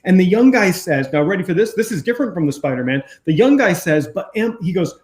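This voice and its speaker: Animated high-voiced man, excited co-host. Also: fairly quick, hardly any pauses. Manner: animated, emphatic storytelling. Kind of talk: casual panel chat.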